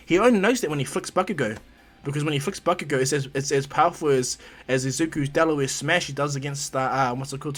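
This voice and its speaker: A man casually narrating a fan story in a rambling way, with lots of fillers. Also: a little high.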